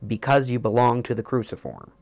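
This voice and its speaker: A man reading the lines of an impassive alien tribesman in a calm, matter-of-fact way. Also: mid-range voice, fairly quick, gravelly. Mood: hushed.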